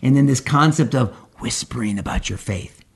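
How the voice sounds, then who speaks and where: A man co-hosting a faith discussion podcast, telling stories in an animated way with frequent restarts. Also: mid-range voice, normal speed, vocal fry, breathy edge. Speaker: podcast co-host.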